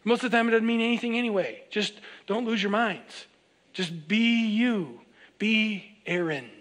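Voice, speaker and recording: A pastor with a high, light voice delivers a sermon in an easygoing, animated way. He speaks directly to the people in front of him and keeps checking that they follow along. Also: normal speed. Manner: conversational, animated preaching with repeated direct appeals to the congregation; acts out quoted voices of others.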